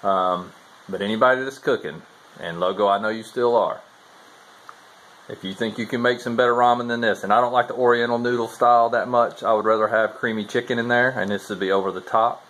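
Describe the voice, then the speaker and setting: A man's voice: medium pitch, fairly even intonation, fairly quick, fairly bright tone, low-quality recording. A man talking casually to his camera while camped outdoors on a long hike, easygoing and chatty, saying "y'all" a lot. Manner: laid-back Southern-style talk with "y'all". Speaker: thru-hiker vlogger. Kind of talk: casual vlog chat. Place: outdoors at a forest trail shelter.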